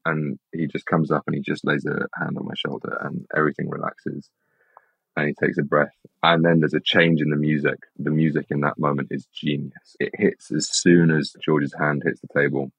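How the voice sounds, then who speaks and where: A young man with a British accent and an extremely deep, husky voice, talking casually as an interview guest. He tells stories in a rambling, animated way, often restarting his sentences. The sound is dry and a bit dull. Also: moderate pace, no echo. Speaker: actor guest.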